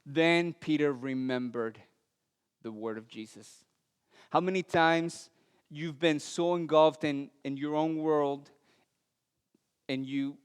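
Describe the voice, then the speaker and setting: A male pastor with a non-native, Latin American accent, preaching a sermon with earnest storytelling and light self-deprecating humor, his voice dropping soft and low on weighty lines. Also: smooth. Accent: non-native English, Latin American. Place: church sanctuary. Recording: long church hall reverb.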